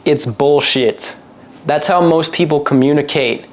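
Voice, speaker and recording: A young man talking to the camera in a loose, rambling vlog monologue, crude and joking, with sudden tangents. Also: unhurried. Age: young adult. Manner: crude, joking, rambling, mimics others in a high voice. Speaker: vlogger. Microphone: single mic, a cappella opener.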